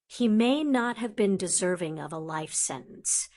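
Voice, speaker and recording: A woman reading an audiobook, voicing a calm, wise old male headmaster in a grave, deliberate way. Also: mid-range voice, natural voice. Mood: measured. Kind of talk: audiobook character voice.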